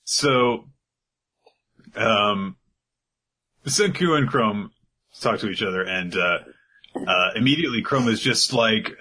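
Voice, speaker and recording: A man casually recapping an anime episode on a podcast, animated and laughing as he goes. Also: lowish voice, slow, pauses often, slightly rough. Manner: animated, laughing, slips into character voices. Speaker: podcast co-host.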